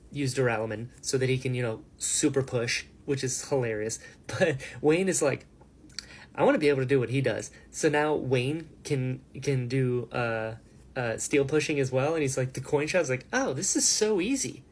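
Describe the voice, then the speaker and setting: A man giving a casual, excited reaction recap of a fantasy novel, swearing freely and slipping into quick character voices. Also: medium pitch. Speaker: book reviewer.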